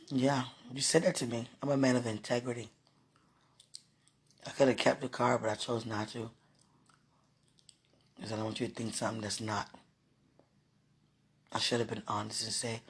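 A man chatting affectionately at home while eating, soft-spoken and often murmuring, in a casual intimate vlog. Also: mid-range voice, slightly rough.

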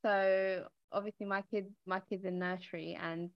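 A woman in casual chat, telling stories in an animated way. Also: mid-range voice, normal speed, gravelly, highs cut off.

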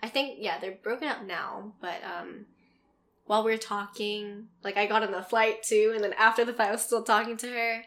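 A woman's voice: mid-range voice, steady tone, normal speed, fairly bright tone. A young woman in casual chat, telling a story, laughing often and trailing off with ums.

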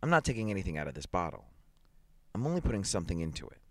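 A man's voice: deep voice, sing-song, racing, a bit bright, dry recording, clean studio sound, full character voice. A man voicing a ruthless, vindictive businessman who speaks harshly and chuckles at his wife's fears. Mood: cold gloating.

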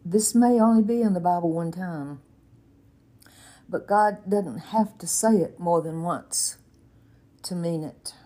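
Older woman teaching the Bible, slow and mellow. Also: on the low side. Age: 80s. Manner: earnest, folksy, exclaims and admonishes.

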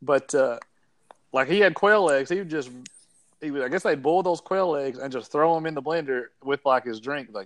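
A man's voice: a little high, a little fast. A young man, joking and laughing through casual chat with family.

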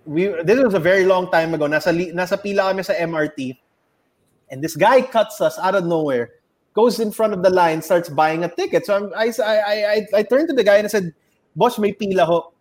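A Filipino man with a high voice talks in a relaxed podcast chat. He is an animated storyteller who switches between English and Tagalog and acts out angry quotes with a lot of force. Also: a little fast. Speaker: podcast co-host. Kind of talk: casual chat.

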